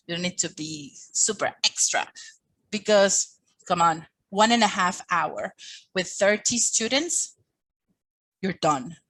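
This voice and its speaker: A woman giving a teacher training talk, speaking with lively, expressive intonation and acting out little quoted exchanges. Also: medium pitch, poor audio. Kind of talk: teaching workshop presentation.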